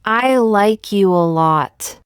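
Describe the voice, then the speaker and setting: A woman reading short example sentences one by one for English learners, in a slow, deliberate, evenly paced way. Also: mid-range voice, expressive, smooth, no echo, studio quality. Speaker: English teacher.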